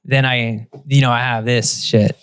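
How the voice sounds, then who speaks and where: Brief: male podcast host, mid-pitched, swears a lot, acts out the voices in his stories, dry studio sound. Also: a little slow, clear, resonant tone, dry recording. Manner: profane storyteller, lively retelling with put-on voices. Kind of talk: casual chat.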